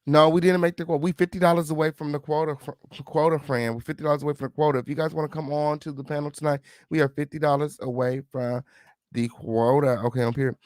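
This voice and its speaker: Guy hosting a livestream, sassy n cussing, kinda high voice, dry close mic. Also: steady tone, fast, no echo. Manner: sassy, swearing, heated when provoked. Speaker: live-stream host. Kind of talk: casual live-stream chat reading comments.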